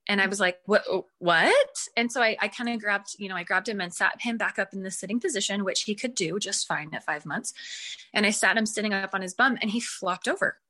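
Bright-voiced woman telling a personal story. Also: mid-range voice, quick pace. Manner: animated, acts out her own past reactions. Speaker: guest, mother telling her son's story.

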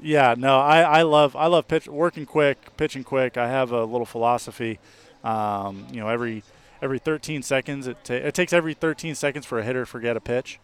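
A man, a baseball pitcher, talking casually in an interview, relaxed, with fillers and restarts. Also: brisk, clear, resonant tone. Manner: relaxed, with many fillers and restarts, laughs easily.

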